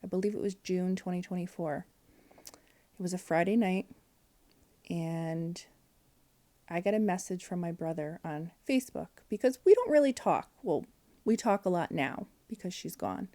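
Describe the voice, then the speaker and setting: A woman in her forties tells a personal story on a podcast, candid and emotional. Her voice sits a little low and sounds warm and mellow. She fills gaps with "um" and acts out what people said. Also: moderate pace. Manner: candid, emotional, with frequent fillers and quoted dialogue. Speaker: podcast guest.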